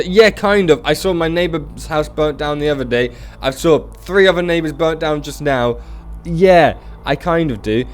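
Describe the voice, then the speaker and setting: A man doing casual, joking let's-play commentary with animated reactions. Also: a little high, normal speed, soft background music. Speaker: gaming YouTuber.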